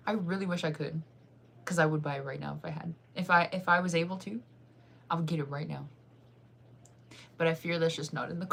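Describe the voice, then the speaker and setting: A woman's voice: fairly low pitch, vocal fry, a little hiss or hum. Giggly, chatty woman streamer. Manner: chatty and giggly, quick to get excited. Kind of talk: casual livestream chat with viewers.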